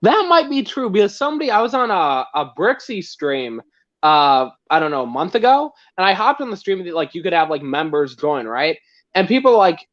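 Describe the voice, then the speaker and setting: An easygoing livestream guest chatting casually, the pitch lively and moving about a lot. Sentences often trail off with a small "so", and the sound comes through dull and lo-fi, like call audio. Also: normal speed. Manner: easygoing, trails off with "so", laughs at self.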